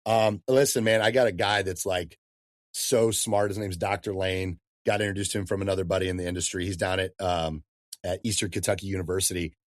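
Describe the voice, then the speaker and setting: A lively man in his thirties talks shop as a fitness coach on a podcast, easygoing and full of slang like dude and man. His voice sits a little low. The sound is dry and close. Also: fairly quick, dry recording. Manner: animated, slangy, says "dude" and "man" often. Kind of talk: casual podcast interview.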